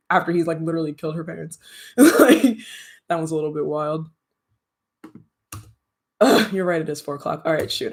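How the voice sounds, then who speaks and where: A young adult streamer chatting casually with viewers, rambling, slangy and quick to laugh. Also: medium pitch, lively intonation. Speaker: streamer and audio creator. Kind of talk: casual livestream chat with viewers.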